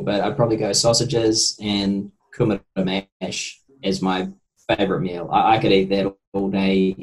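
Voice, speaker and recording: Kiwi guy talking nutrition on a podcast, kinda low voice, thoughtful and careful. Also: darkish tone, rough recording. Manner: thoughtful, measured, hesitant starts. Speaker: nutrition researcher guest. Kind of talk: casual interview chat.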